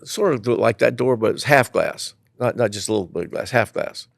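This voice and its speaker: Gravelly older man telling stories. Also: lowish voice, a little fast, dry recording, clean studio sound. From southeastern Tennessee. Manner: animated storyteller who acts out the people in his stories. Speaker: guest, former elementary school principal. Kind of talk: storytelling interview.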